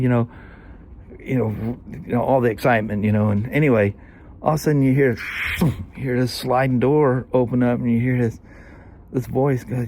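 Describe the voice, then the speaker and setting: A man's voice: medium pitch, fairly even intonation, moderate pace, a little mellow, a little hiss or hum. A man in his sixties with a Southern US accent, telling a long, rambling story in casual vlog chat, full of "you know" and "anyway". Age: 60s. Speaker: vlogger.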